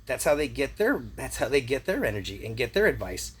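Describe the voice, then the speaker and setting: A man's voice: medium pitch, sing-song, a little fast, fairly bright tone, husky. A man delivering a rambling conspiracy rant, agitated and profane, repeating himself and throwing in rhetorical "right?" questions. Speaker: vlogger.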